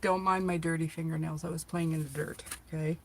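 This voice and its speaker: A woman's voice: deep voice, level tone, brisk, a little mellow. A middle-aged woman hosting a live tarot reading, chatty and playful, joking with viewers as she reads the cards aloud.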